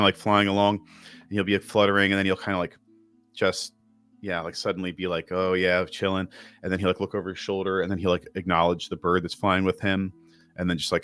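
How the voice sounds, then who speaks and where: Brief: male game master, deep voice, loose rambling narration, light music under it. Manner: relaxed rambling narration with many fillers.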